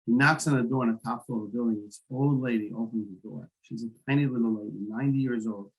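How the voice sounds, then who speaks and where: Gravelly male interview guest; halting storyteller who restarts often, mid-range pitch. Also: lo-fi sound. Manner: halting, with many restarts and repeated words. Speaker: guest, founder of an emergency medical volunteer group.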